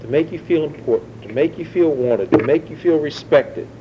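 A man's voice: on the high side, normal speed, noisy background. Man preaching a conversational sermon. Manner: conversational teaching, asks the audience questions.

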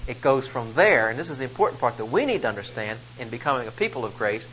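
A man's voice: medium pitch, big pitch swings, quick pace, fairly bright tone, a little hiss or hum, poor audio. A man preaching a sermon, reading scripture and explaining it with rising emphasis on key phrases. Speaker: pastor.

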